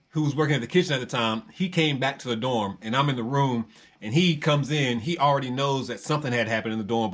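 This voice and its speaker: A man telling a prison story in a casual, animated way, acting out other voices and laughing often. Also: mid-range voice.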